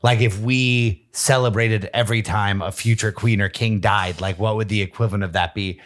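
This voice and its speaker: A man's voice: fairly low pitch, fairly even intonation, moderate pace, a bit bright. A man co-hosting a podcast, joking loosely and swearing freely. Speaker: podcast co-host. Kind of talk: casual chat.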